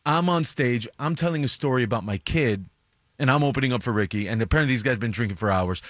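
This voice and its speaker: A man, a stand-up comedian, telling a story in casual chat on a podcast, jumping into high voices to quote people. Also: lively intonation, fast, fairly bright tone, no echo, studio quality. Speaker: comedian guest.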